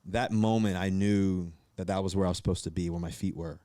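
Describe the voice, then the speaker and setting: Speaking briskly in a low-set voice on a dry mic with no echo, this pro quarterback from Virginia, in his thirties, tells stories as a podcast guest in casual chat. He's an animated storyteller who acts out quoted voices, full of fillers and restarts.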